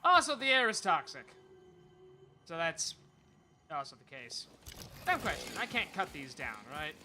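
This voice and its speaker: A man's voice: a little high, wildly swooping pitch, a little slow, music in the background. A man casually chatting and joking to himself while streaming a game. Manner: chatty, jokey, mutters to himself. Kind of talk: casual gameplay commentary.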